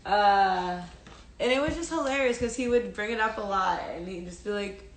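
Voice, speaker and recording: A woman's voice: mid-range voice, moderate pace, roomy sound, slight background noise. A young woman telling a personal story on a phone live stream, rambling with many fillers and restarts, casually swearing. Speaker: livestreamer.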